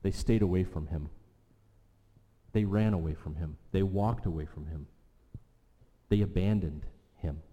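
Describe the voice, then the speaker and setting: A man's voice: deep voice, a little slow, pauses often, mellow, dull audio. A man preaching a sermon, emphatic, repeating key lines for weight. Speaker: pastor. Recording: long reverb of a large hall.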